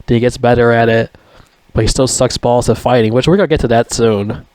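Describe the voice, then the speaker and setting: A man's voice: mid-range voice, fairly even intonation, fairly quick, darkish tone, clear, resonant tone, no echo. Profane, rambling male movie reviewer, dry sound. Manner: profane, mocking, rambling with many fillers. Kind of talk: casual rambling plot recap.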